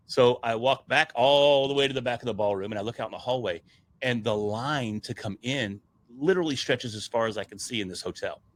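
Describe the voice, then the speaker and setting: A man's voice: on the low side, fairly quick. A man who speaks in public, telling stories in a casual podcast conversation and acting out the dialogue he quotes. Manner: animated, acts out quoted dialogue.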